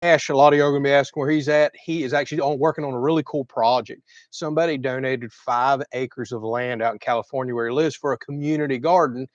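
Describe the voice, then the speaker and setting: A man from Florida, slightly hoarse, hosting a casual livestream chat from outdoors in a chatty, folksy, rambling way. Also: mid-range voice, fairly even intonation, quick pace, hardly any pauses, dry recording, highs cut off. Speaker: livestream host. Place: outdoors at a home cooking spot.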